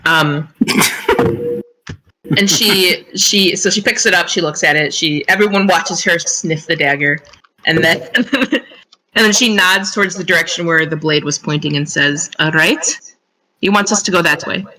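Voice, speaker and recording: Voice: mid-range voice, unhurried, sharp tone, poor audio. A player in a tabletop game, chatting casually and narrating what her character does. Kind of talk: casual tabletop role-play.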